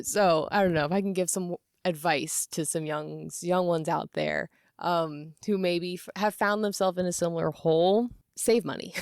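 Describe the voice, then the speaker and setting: A woman's voice: lowish voice, clear, resonant tone, no room sound. Woman in her thirties, casual confessional vlogger who rambles and laughs a lot, dry close recording. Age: 30s. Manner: rambling, laughing often, with many fillers. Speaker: YouTuber.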